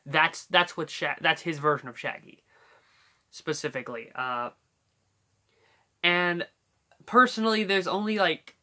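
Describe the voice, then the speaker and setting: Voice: medium pitch, animated, unhurried, pauses often, sharp tone. A YouTuber casually explaining how to do cartoon voice impressions, rambling and full of fillers as they think aloud. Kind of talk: casual tutorial talk.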